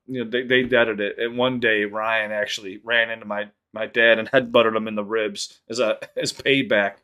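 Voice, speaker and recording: A man hosting a reaction channel, rambling through a story and quick sign-off plugs in casual chat. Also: mid-range voice, steady tone, a bit bright, clean tone.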